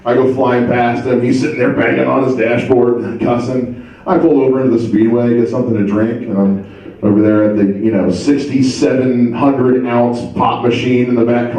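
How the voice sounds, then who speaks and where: Brief: male stand-up comic, deadpan storyteller, dark mellow tone, recorded from afar in a boomy room. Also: moderate pace. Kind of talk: stand-up comedy set. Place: comedy club stage. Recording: distant dull mic in an echoey club.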